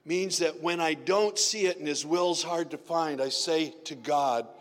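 A man preaching a sermon in a conversational way, moving from loud emphatic questions to soft murmurs. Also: fairly high pitch, unhurried, big-room sound. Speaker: pastor.

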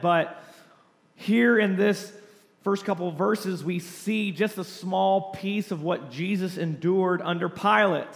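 Male pastor, higher-pitched, emphatic and earnest sermon delivery, long church reverb. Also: gravelly. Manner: earnest, emphatic preaching with repetitions. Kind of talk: sermon with scripture reading.

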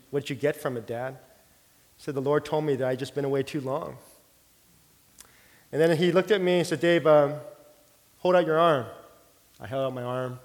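A middle-aged man preaching a sermon, telling a personal story in an earnest, heartfelt way and sometimes dropping his voice soft. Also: mid-range voice. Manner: earnest storytelling, drops soft for quoted prayer. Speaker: pastor. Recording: long hall reverb.

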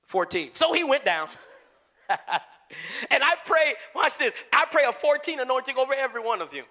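A man preaching a fervent, animated sermon, repeating phrases for emphasis. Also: very high voice, normal speed. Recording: long church reverb.

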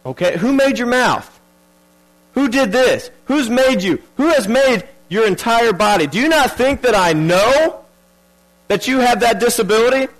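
A man voicing God as a stern male figure who fires sharp rhetorical questions. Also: high voice, sing-song, slow pace, long pauses, voice pushed up, heavily acted, poor audio. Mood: challenging.

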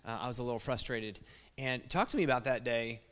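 A man's voice: medium pitch, fast, a bit bright, clean tone, big-room sound. A man pastor interviewing a colleague on stage during a church service, casual and joking in manner.

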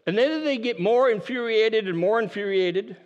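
A man preaching a sermon, emphatic and repeating his key phrases, dropping his voice low to stress a point. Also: normal speed, in a large hall, dull audio. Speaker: pastor.

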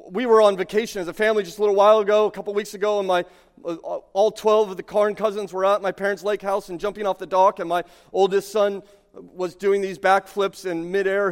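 A man in his thirties delivers a sermon with a somewhat high voice. He talks conversationally, stumbles and restarts, and keeps tossing in "right?" to the listeners. His voice rings with the long reverb of a church sanctuary. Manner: conversational, frequent 'right?' asides, restarts. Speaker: pastor.

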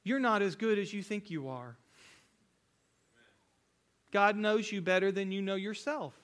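A male pastor delivers a sermon with a notably high voice. He speaks slowly and earnestly, leaning on repetition to drive each point home. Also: fairly bright tone. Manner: earnest, repetitive preaching with rising emphasis.

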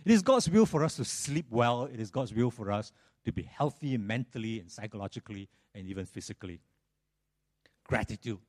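A man preaching a sermon in an animated, storytelling manner, often repeating his phrases. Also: medium pitch.

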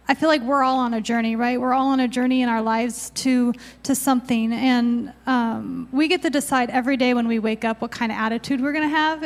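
A woman giving an informal Bible teaching, chatting casually and reading scripture aloud from her notes. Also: high voice.

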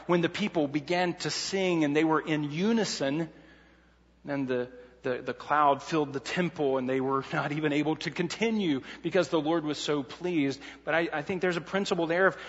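A man's voice: a little high, a bit bright, long reverb tail, dull audio. A man preaching a sermon in an earnest way, laying out numbered points and often restarting his sentences.

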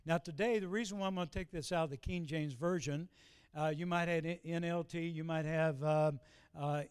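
A man's voice: on the high side, steady tone, normal speed, smooth. A middle-aged man, preaching a sermon with folksy, self-deprecating stories. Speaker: pastor.

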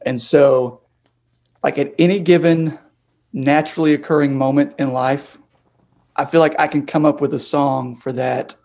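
A man in a casual podcast chat, talking quickly and laughing easily. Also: medium pitch, darkish tone.

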